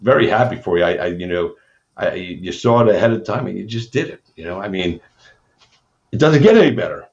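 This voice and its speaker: Male host, low-pitched, blunt joking delivery, dull lo-fi recording. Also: lively intonation, brisk, creaky, a little mellow. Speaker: podcast host. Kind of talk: casual interview.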